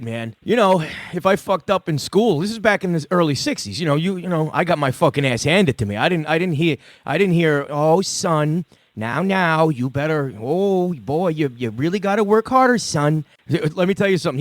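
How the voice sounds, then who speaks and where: A man's voice: on the high side, no echo. A middle-aged man hosting a call-in podcast, talking loosely and profanely in rambling stories. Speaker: podcast host. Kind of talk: casual call-in chat.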